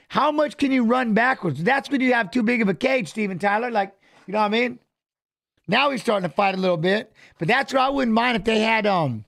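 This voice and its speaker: A man giving casual live commentary on a fight as a watch-along host, animated and coaching the fighters aloud, repeating phrases. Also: high voice, no echo, clean studio sound.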